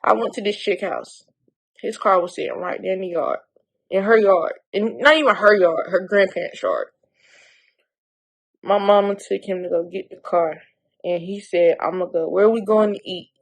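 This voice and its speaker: A young woman tells a personal story to her viewers in a vlog. Her voice carries a gravelly, fry-edged texture at an ordinary middle pitch. She speaks bluntly and emotionally, as if close to tears. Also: normal speed, low-quality recording. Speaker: vlogger.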